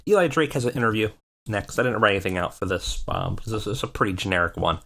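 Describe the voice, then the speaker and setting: A man's voice: lowish voice, animated, fast talker, gravelly, fairly bright tone. A man hosting a let's play of a wrestling management game, talking loosely with lots of ums. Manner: loose, rambling, many ums and uhs. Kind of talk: casual game commentary.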